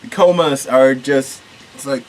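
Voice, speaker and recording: A man's voice: medium pitch, measured pace, poor audio. A man from Puerto Rico, an author, talking casually behind the scenes with many restarts and fillers.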